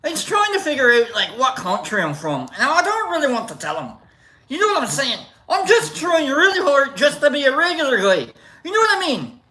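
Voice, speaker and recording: A man putting on a nervous foreign guy trying hard to pass with an American accent, rambling in a high voice. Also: wildly swooping pitch, fast talker, hardly any pauses, bright, forceful tone, reverberant, exaggerated voice. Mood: flustered.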